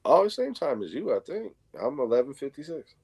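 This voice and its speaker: A man's voice: a little high, big pitch swings, brisk, crowd noise. A man in casual chat, telling a story with slang and swearing. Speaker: livestream co-host.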